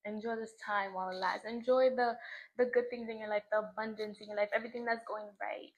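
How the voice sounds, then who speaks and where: A woman's voice: mid-range voice, flat delivery, fast, low-quality recording. A young woman talking to the camera outdoors at a scenic view at sunset, reflective and emotional, with lots of "like" fillers. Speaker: vlogger. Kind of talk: casual spiritual vlog monologue. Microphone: camera in front of her.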